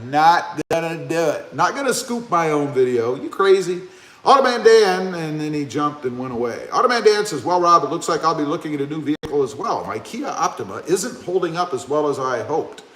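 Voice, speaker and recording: A man hosting a live stream in an echoey room, his voice sitting a little high for a man and swinging widely in pitch. He chats casually, reads viewer comments aloud and jokes back at them. His talk is loose and easygoing. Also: sing-song, fairly quick, fairly bright tone. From Ohio. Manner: joking, chatty, talks back to viewer comments. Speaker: live-stream host reading chat.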